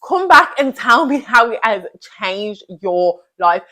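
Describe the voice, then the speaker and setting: A woman's voice: on the high side, very animated, takes it slowly, bright, forceful tone. A young woman giving an earnest, emphatic motivational talk as a vlogger, repeating her key phrases.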